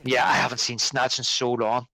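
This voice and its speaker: A man's voice: mid-range voice, flat delivery, normal speed, bright, forceful tone, slight background noise, rough recording. A man, co-hosting a film podcast in casual chat, rambling and restarting as he recalls names. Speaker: podcast co-host.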